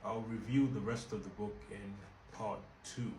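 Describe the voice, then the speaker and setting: A man from Nigeria gives a spoken book review, explaining in a measured, reflective way. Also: fairly low pitch, fairly even intonation, warm tone. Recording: echoey room with faint noise.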